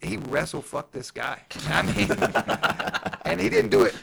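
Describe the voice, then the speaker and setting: A man with a very gravelly, rough voice and a lively, swinging pitch, chatting casually as a grappling coach. He tells stories animatedly and swears freely. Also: measured pace, low-quality recording. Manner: profane, animated storyteller. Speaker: jiu-jitsu coach. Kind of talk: casual podcast chat.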